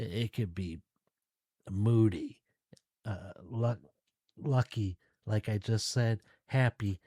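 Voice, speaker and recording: A man hosting his own podcast, talking casually and directly to his listeners in a relaxed, chatty way. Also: on the low side, no room sound, clean studio sound. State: tired, yawning. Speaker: podcast host. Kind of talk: casual solo podcast talk.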